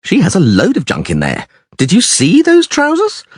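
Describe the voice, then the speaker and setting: A man voicing a vain, flamboyant young troubadour who talks excitably and theatrically, pitched well above his own voice. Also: moderate pace, husky, dry recording, clean studio sound, heavily acted.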